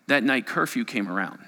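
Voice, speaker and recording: A male pastor preaching a sermon, telling a story that swings between hushed moments and raised, urgent passages. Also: mid-range voice. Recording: long hall reverb.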